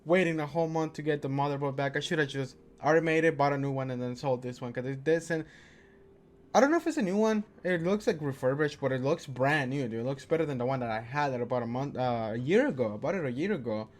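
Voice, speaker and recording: A young man tells a long, casual storytime rant in his ordinary middle-pitched voice. He sounds exasperated, throws in "dude" again and again, and acts out both sides of his phone calls. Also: animated, fast talker. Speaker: gaming PC vlogger.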